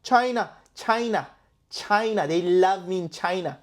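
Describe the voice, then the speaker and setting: A man's voice: sits high, unhurried. A man doing a boastful older politician impression. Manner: brash, repetitive bragging.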